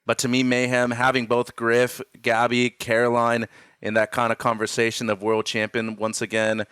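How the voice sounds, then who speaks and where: Smooth-voiced male co-host analyst. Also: medium pitch, completely flat delivery, normal speed, fairly bright tone, no echo, studio quality. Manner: rambling, filler-laden, upbeat. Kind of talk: casual analysis chat.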